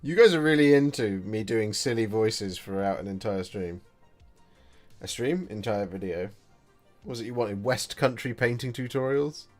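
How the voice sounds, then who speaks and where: A man's voice: lowish voice, moderate pace, soft background music. A man chatting on a live painting stream from home, groggy after anaesthetic, joking with viewers as he works. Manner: jokey, chatty, talks to viewers while working.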